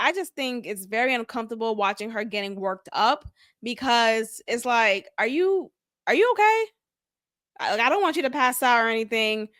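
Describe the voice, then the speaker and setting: A woman's voice: a little high, sharp tone, dry recording, studio quality. A woman hosting a casual reality show recap, candid, opinionated and chatty. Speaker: show review host.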